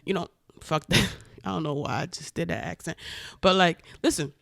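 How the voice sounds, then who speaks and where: A woman's voice: fairly low pitch, moderate pace, vocal fry, no echo, studio quality. Woman ranting animatedly. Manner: animated, profane, emphatic ranting. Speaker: vlogger. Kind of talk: casual opinion commentary.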